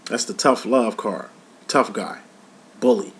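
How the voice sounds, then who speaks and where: A man's voice: lowish voice, animated, unhurried. A man giving a casual tarot reading to his viewers, talking in a blunt, profane, preachy tough-love way. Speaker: tarot reader and life coach.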